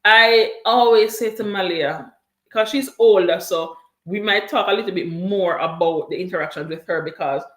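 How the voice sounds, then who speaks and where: A mother who came to Canada from abroad shares her experiences raising her kids in a casual livestream chat. Her medium-pitched voice moves at a moderate pace in an echoey room, and she's earnest and emphatic, repeating her key points.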